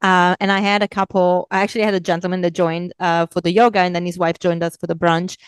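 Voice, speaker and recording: A woman's voice: lowish voice, flat delivery, fast, smooth, no room sound. A woman hosting a podcast, chatting and agreeing in a casual interview. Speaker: podcast host.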